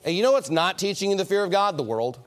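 Animated, high-voiced male preacher. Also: quick pace, faint music behind. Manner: animated, mocking, emphatic preaching. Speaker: pastor. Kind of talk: sermon.

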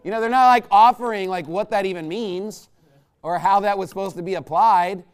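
A man delivers a sermon as if chatting with friends, rambling from point to point and often checking in with his listeners. His voice sits a little high for a man and comes across smooth and clean. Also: brisk. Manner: conversational, rambling, asks listeners "right?". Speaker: preacher.

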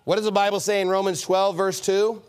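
A man preaching a sermon as pastor, in an animated, mocking and emphatic manner. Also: high voice, a little fast, clean tone, faint music behind.

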